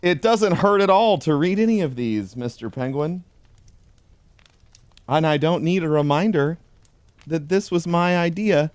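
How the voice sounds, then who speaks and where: A man giving a deadpan comedic reading of a holiday pun book, with dry delivery. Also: a little high, unhurried, long pauses, clear, resonant tone, no room sound. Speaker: host.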